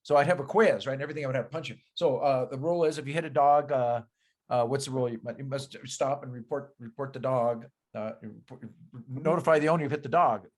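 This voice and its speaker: Fast-talking middle-aged comedian, man. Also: mid-range voice. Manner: dry joke-telling, trailing off quieter. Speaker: stand-up comedian guest. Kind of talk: casual chat.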